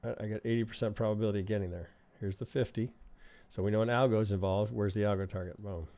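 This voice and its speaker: A man's voice: fairly low pitch, steady tone, quick pace, mellow. A man teaching trading on a live stream, reviewing charts in a chatty way and often asking "right?". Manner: conversational, keeps asking "right?", thinks aloud. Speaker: trading instructor.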